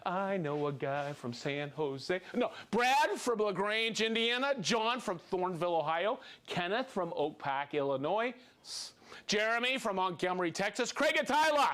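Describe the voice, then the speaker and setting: Upbeat man with a high, lively voice. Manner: upbeat, playful, reads names and places quickly. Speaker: host. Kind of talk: live stream shout-outs to viewers.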